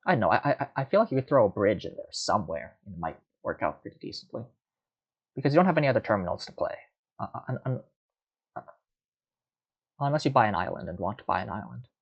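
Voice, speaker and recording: A man's voice: on the low side, very animated, quick pace, creaky, pauses often, husky, muffled recording. A man giving casual, rambling commentary while playing a card game, muttering and mocking himself.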